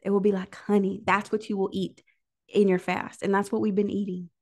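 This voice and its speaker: A woman hosting a prayer livestream, preaching in an emotional, near-tearful way and pausing often to listen. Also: mid-range voice, little pitch movement, a little mellow. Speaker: host of a prayer call livestream. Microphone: livestream microphone.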